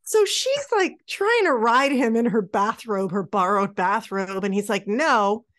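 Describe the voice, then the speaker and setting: A woman's voice: a little high, lively intonation, measured pace, a bit bright, dry recording, clean studio sound. A woman co-hosting a podcast, chatting casually and sarcastically about an old film. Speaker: podcast co-host.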